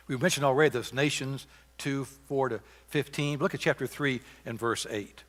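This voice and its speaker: Southern preacher guy reading scripture loud then going quiet, big church echo. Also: medium pitch, moderate pace. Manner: reads scripture aloud with rising force, then drops to quiet asides; imitates bird calls to illustrate. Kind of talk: sermon. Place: church sanctuary. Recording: church sanctuary with long reverb.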